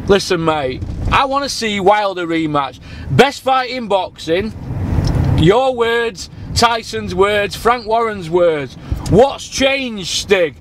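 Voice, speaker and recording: A man hosts his channel and argues hotly over the phone, badgering and swearing. His voice sits high, and there is a faint hum of noise behind him. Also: lively intonation, slow pace. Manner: badgering, repeats "listen, mate", swears. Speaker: channel host. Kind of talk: heated phone argument.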